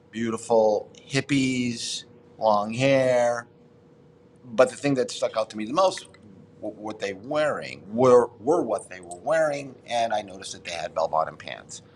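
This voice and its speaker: A man's voice: medium pitch, animated, unhurried. Older guy in his 60s rambling thru a story, swears a lot, faint hum behind. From Boston, United States. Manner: rambling, profane, self-interrupting. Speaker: podcast guest. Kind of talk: casual storytelling interview.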